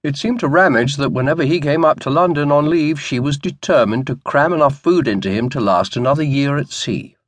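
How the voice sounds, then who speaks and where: A man narrating a historical novel audiobook in a measured, wry storytelling manner. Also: on the high side, no room sound.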